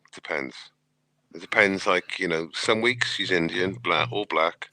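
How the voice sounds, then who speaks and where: A man's voice: low-pitched, a little slow, pushed and bright, no room sound. A Welsh man hosting a livestream, making mocking, dismissive political remarks in casual talk. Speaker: stream host.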